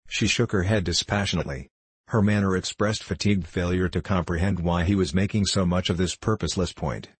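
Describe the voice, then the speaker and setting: A man narrating a novel in a measured, even manner. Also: deep voice, husky, no room sound. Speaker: audiobook narrator. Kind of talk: scripted narration.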